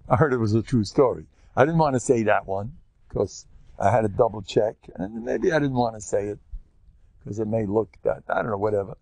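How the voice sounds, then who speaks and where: A man's voice: on the low side, fairly quick, creaky, no room sound. Joking older man lecturing as a rabbi. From United States. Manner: joking, animated storyteller. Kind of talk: lively Torah lecture.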